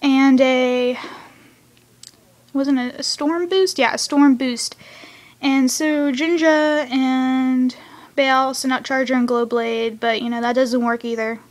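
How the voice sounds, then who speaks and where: A teenage girl recapping a cartoon episode at home in a chatty, excitable rant, dropping now and then into whispered asides. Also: high voice, slow pace. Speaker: fan reviewing a cartoon episode.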